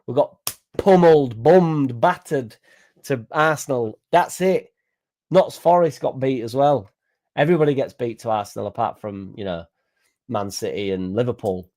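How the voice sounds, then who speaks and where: A young man, hosting a fan channel in casual live-stream chat, rambling and excitable with sweary banter. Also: mid-range voice, moderate pace. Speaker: football fan channel host.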